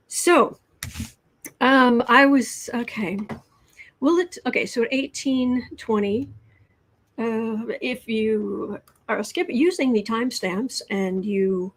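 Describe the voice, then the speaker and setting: A woman hosting a casual tarot livestream, talking in a halting way with many ums and restarts, blunt and sarcastic. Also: a little high. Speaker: tarot and astrology livestream host. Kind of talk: casual political commentary livestream.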